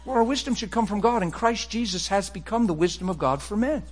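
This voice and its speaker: A middle-aged man preaching a personal testimony, swinging between hushed, quiet passages and excited, impassioned bursts. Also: high voice, a little fast, big-room sound, faint music behind. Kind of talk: sermon testimony.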